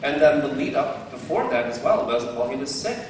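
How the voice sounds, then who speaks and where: A man's voice: mid-range voice, lively intonation, fairly quick, noisy background. A man preaching a sermon as a guest speaker, candid and self-deprecating, with bursts of laughter. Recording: very echoey hall, heard from some distance.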